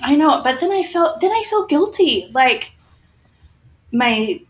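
A woman's voice: high-pitched, sing-song, takes it slowly, rough recording. A woman in her forties chatting casually from her bedroom floor into a microphone, laughing often and poking fun at herself. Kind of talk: casual chat. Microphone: desk microphone.

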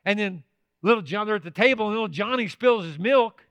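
High, bright-voiced preaching man. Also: fairly quick, dry recording, lo-fi sound. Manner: emphatic, with rhetorical questions to the congregation. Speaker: pastor. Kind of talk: sermon.

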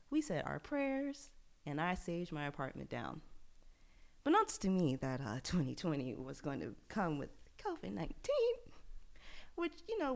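A woman co-hosting a podcast, telling a personal story in an animated, laughing way that sinks to a near whisper on the sad parts. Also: lowish voice, gravelly. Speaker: podcast co-host.

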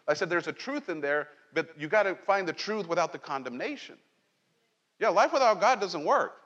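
In a church sanctuary, a pastor delivers his sermon in a high, brisk voice, chatting with the congregation and cracking jokes amid animated asides. The recording sounds dull and trails off in long reverb.

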